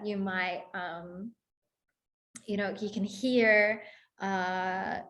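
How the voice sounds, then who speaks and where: Female workshop facilitator, mid-pitched, gentle and affirming, loose casual delivery. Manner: gentle and affirming, casual filler-heavy talk. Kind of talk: guided spiritual workshop.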